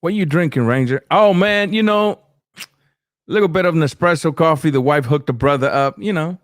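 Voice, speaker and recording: A man's voice: on the high side, normal speed, no room sound, clean studio sound. A man hosting a casual live stream, reacting to boxing and chatting with viewers as he reads their comments.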